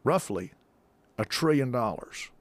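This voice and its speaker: A man's voice: mid-range voice, animated, unhurried, no room sound. A man hosting a political talk radio show, talking in a folksy, repetitive, emphatic way.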